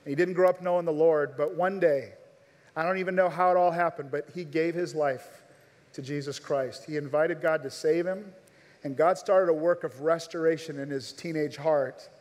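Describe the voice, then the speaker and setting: A man's voice: fairly high pitch, steady tone, moderate pace, darkish tone. A man preaching a sermon at a live church service, making earnest, urgent appeals straight to his listeners. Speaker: pastor. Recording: long reverb of a large church hall.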